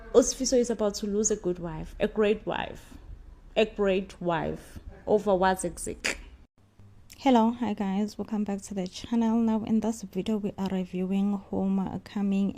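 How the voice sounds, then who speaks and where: A woman with a South African accent giving a casual spoken review of a soap opera, emphatic and repetitive, mixing in Zulu phrases. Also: mid-range voice. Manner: emphatic, repeats herself, mixes in Zulu phrases.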